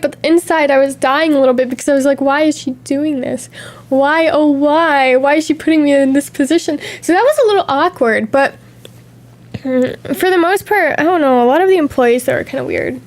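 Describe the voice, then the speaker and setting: A young woman streamer in casual chat, telling stories in a chatty, animated way with gasps and laughs. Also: high voice. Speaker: VTuber streamer.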